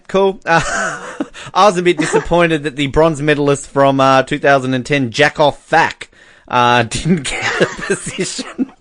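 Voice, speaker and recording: A man's voice: on the high side, a bit bright, dry recording, studio quality. A man hosting a casual sports podcast, joking and laughing often. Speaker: podcast host.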